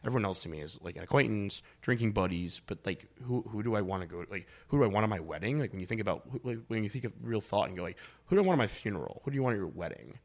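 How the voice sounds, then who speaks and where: Fast-talking young man, very low voice. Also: lively intonation, darkish tone. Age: young adult. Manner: rambling, heavy on "like" fillers, blunt, swears freely. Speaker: guest. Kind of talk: casual podcast chat.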